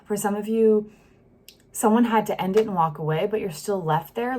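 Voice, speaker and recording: A woman reading tarot cards in a loose, chatty monologue, her voice at a middling pitch. She gets caught up in the feelings she describes, sighing and breaking off her sentences as she goes. She talks into a close microphone. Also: moderate pace, darkish tone, slight background noise. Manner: emotional, acts out the feelings she reads, sighs and trails off. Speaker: tarot reader.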